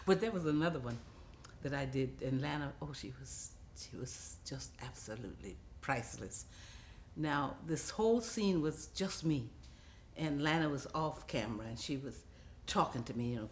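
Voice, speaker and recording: Older actress in her seventies recalling her film work, lively and quick to laugh. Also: extremely low pitch, a little hiss or hum. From United States. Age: 70s. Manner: animated storyteller, laughs often. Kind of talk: reminiscing interview.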